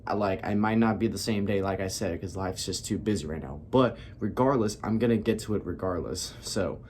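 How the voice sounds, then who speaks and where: A man's voice: fairly low pitch, fairly quick, a little mellow, slight background noise. A man hosting a reaction video who loosely recaps the situation to viewers in a casual, profane way. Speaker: reaction channel host.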